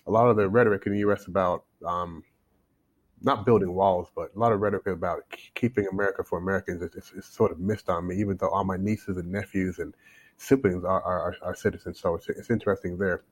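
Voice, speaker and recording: A man's voice: low voice, steady tone, fast, dry recording. A man from Canada, a coach being interviewed, talking in a thoughtful casual way and often repeating words as he looks for the phrasing. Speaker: guest, coach. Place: Shanghai.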